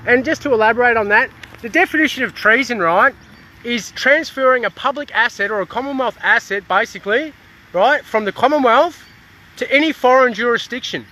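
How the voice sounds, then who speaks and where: A man's voice: very high voice, a little fast, pushed and bright. An Australian man in a casual activist rant, heated and swearing, with many restarts, recorded outdoors in a town.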